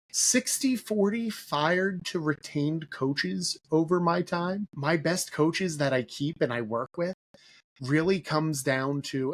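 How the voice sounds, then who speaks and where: A man with a fairly high voice hosts a podcast conversation in a relaxed, meandering way. He strings thoughts together loosely and fills the gaps with "like" and "um." His delivery stays easygoing throughout. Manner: rambling, filler-heavy, leans on "like". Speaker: podcast host. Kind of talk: casual interview chat.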